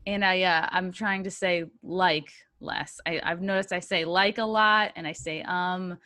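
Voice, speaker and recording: A woman's voice: on the low side, steady tone, unhurried, bright, forceful tone, dry recording. Woman podcast host, chatty and upbeat, jokey asides, dry close sound. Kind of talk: casual podcast chat with ad reads.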